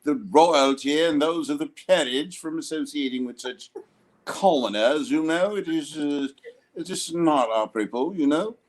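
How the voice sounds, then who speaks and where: A man voicing a pompous upper-class British gentleman, put-on British accent, haughty and fussy, on a live stream call. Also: a little high, unhurried, close to an everyday voice, poor audio.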